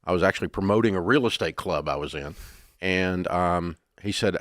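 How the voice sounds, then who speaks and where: Man, middle-aged, folksy animated storytelling, deep voice, dry close sound. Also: moderate pace, no room sound. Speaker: guest, business founder. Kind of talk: storytelling interview.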